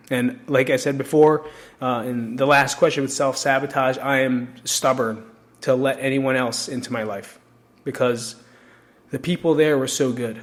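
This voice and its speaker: A man's voice: mid-range voice, steady tone, normal speed. A man from New Jersey hosting his own podcast, talking openly and emotionally to listeners with plenty of swearing in a casual solo monologue. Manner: candid, emotional and profane, talks straight to listeners. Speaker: podcast host.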